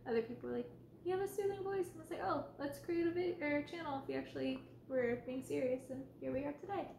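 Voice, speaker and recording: A soft-spoken woman hosting a casual livestream Q&A as an ASMR creator, reading out viewers' names and questions and now and then scolding her cat. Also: sits high, fast talker, creaky, roomy sound, slight background noise.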